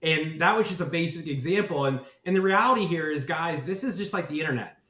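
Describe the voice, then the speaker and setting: A marketing agency founder appears as a podcast guest and talks at length, eager and rambling, full of asides and repeated "right?" check-ins. His slightly higher voice is bright and forceful, with lively intonation and a fast pace, and there's noticeable room echo.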